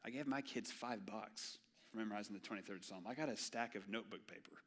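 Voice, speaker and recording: A young man preaching a sermon in a church, telling stories with a lively voice that rises for quoted exchanges and drops soft and low for solemn parts. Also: quick pace. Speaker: pastor. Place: church sanctuary.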